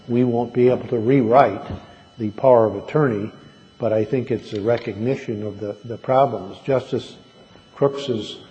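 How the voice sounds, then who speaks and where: A man serving as an appellate judge, speaking deliberately from the bench with halting restarts. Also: mid-range voice, a little mellow. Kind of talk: courtroom oral argument remarks. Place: large courtroom. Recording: reverberant courtroom with faint noise.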